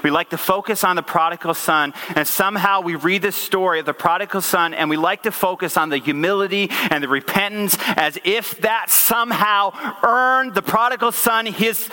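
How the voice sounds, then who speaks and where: A man's voice: high-pitched, pushed and bright. A man in his thirties preaching a conversational sermon, earnest and full of restarts and rhetorical questions.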